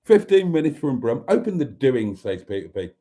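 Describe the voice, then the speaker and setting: Theatrical man, lively mellow voice. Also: medium pitch, normal speed. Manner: theatrical, calls viewers darlings, mock-grand phrasing. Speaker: live-stream host. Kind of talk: casual live-stream chat reading viewer comments.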